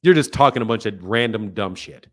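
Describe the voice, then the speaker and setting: His voice sits on the low side, expressive and brisk with a fairly bright tone. Hosting a live boxing call-in show in a casual way, he's blunt and profane, laughing regularly and poking fun at callers.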